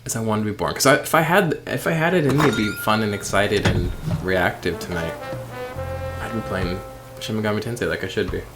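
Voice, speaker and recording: A sleepy man chatting casually and rambling while playing a game late at night, with sudden excited squeals. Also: fairly low pitch, a little fast, music in the background. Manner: rambling, self-deprecating, bursts of excited squeals. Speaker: streamer.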